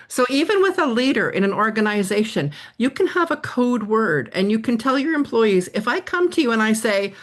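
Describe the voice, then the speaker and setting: A woman's voice: on the high side, fairly quick, few pauses. A middle-aged woman answering interview questions on workplace stress, telling stories and acting out quoted lines. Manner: animated storyteller, acts out quotes. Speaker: guest expert on workplace stress.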